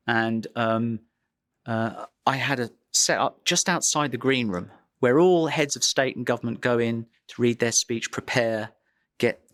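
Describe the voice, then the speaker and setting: A man at a mid pitch recounts a personal story, building suspense with pauses and vivid detail. His voice is recorded close and dry, with no room sound. He speaks as an interview guest, a photographer looking back on his work. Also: a bit bright, no room sound.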